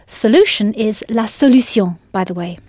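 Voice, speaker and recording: A woman's voice: mid-range voice, lively intonation, normal speed, darkish tone, no echo, studio quality. A woman teaching a language in a scripted audio lesson, patient and encouraging, spelling words out letter by letter.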